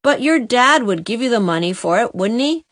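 In a storybook reading, a woman voices an offhand, practical young boy, pitching her voice above her natural range. The delivery is expressive, fairly high and bright, at a moderate pace, with clean studio sound and no room noise.

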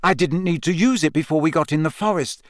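A man's voice: on the high side, fast talker, dry recording, clean studio sound, pitched above the performer's own voice, lightly acted. A man reading aloud, voicing an earnest, puzzled teenage boy in a storybook. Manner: thoughtful, plain.

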